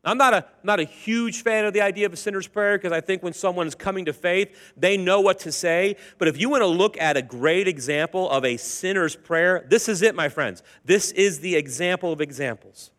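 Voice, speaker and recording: High-voiced male pastor preaching. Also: brisk, few pauses, a bit bright. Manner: conversational preaching, acts out quoted voices. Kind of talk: sermon. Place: church.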